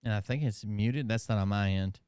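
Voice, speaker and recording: A man talks through his commentary in a loose, rambling way, with swearing dropped in. His voice is smooth and resonant. The recording is dry and close. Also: fairly low pitch, fairly quick, darkish tone, dry recording. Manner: rambling, profane, conversational. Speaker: commentary channel host. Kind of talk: casual reaction commentary.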